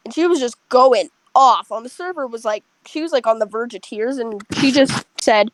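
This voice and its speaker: A young woman casually telling a rambling, animated story to friends over a headset. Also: fairly high pitch, normal speed, hardly any pauses, no room sound, rough recording. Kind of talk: casual chat.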